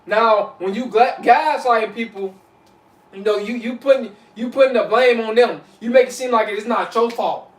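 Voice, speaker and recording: At a normal speed, a high-voiced man vlogs casual, preachy motivational advice to camera, addressing viewers as y'all. He keeps returning to his points and repeats "you know what I'm saying" to check in with listeners. Sitting far back from the mic, he's heard through a hollow room echo.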